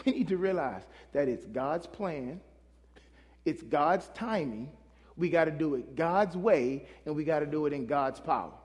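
Pastor guy preaching, kinda high voice, chatty and asks the crowd stuff, long echo off the church walls. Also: animated, a little slow, darkish tone. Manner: conversational, calls out to the congregation. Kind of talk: sermon. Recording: long hall reverb.

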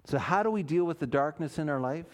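A male pastor delivering an earnest sermon with a lively, swinging delivery. His voice sits a little high for a man, and he leans hard on key words and throws rhetorical questions at the congregation. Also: fast. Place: church.

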